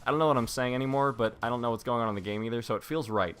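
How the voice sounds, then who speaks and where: A man casting a live video game match, joking around between plays and then calling the action excitedly. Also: medium pitch, rapid-fire, a little hiss or hum. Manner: jokey, rambling banter that rises into excited play-by-play. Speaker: esports caster.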